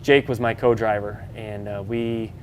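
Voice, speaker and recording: A man's voice: lowish voice, little pitch movement, a little slow, darkish tone, a little hiss or hum. A man, an off-road racer, telling his story in a loose, chatty way during an interview. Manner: loose and chatty, many fillers, acts out quoted dialogue.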